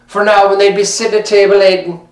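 A man's voice: high-pitched, flat delivery, quick pace. A man telling a folk tale in a lilting, conversational way, talking straight to the listener. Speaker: storyteller. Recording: roomy, mic at a distance.

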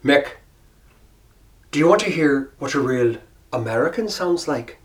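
Man doing a dry teasing irish guy, deadpan and mock-serious. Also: on the high side, unhurried, far from the mic, voice pushed down.

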